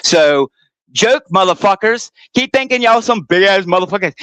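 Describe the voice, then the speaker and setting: A man's voice: sits high, animated, moderate pace, bright, forceful tone, dry recording, low-quality recording. Male panel guest, provocative and foul-mouthed, ranting in a raised voice recorded dry. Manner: profane. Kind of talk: heated online panel argument.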